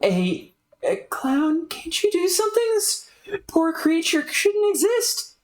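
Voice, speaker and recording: A woman's voice: extremely high pitch, very animated, takes it slowly, darkish tone, pitched above the performer's own voice, full character voice. A woman voicing a polite, flustered young woman who speaks with prim, apologetic courtesy in a raised voice. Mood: pleading.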